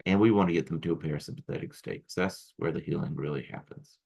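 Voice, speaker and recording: A man's voice: rumbling low, fast talker, vocal fry, a little mellow, husky, muffled recording. A man teaching acupuncture students in a casual, rambling lecture full of restarts and asides. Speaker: acupuncture instructor. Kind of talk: recorded lecture.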